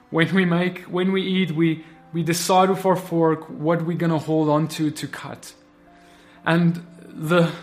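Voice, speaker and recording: A man preaching a sermon, recounting a vision and building into impassioned, repetitive exhortation. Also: on the high side.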